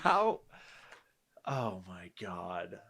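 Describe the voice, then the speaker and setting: A man's voice: low-pitched, sing-song, extremely slow, creaky, pushed and bright. A man co-hosting a comedy podcast who exclaims, swears and laughs a lot. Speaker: podcast co-host. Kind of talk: casual comedic chat.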